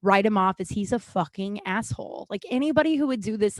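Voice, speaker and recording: A woman hosting her own podcast, talking in a rambling, unscripted way, swearing often, restarting sentences and swinging between loud and quiet. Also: mid-range voice, brisk, few pauses, no room sound. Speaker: podcast host. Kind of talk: casual monologue.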